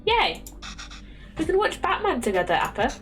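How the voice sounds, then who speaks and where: A woman's voice: high-pitched, huge pitch swings, moderate pace, a bit bright, faint music behind, voice pushed up, exaggerated voice. A woman voicing a stubborn young boy in a video game, whiny and insistent. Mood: excited. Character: stubborn young boy who wants pizza.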